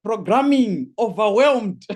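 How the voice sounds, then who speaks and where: A man's voice: high voice, slow pace. A man running a live online course orientation, reading chat answers aloud with lots of laughs and exclamations. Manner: animated, reads chat aloud, laughs often.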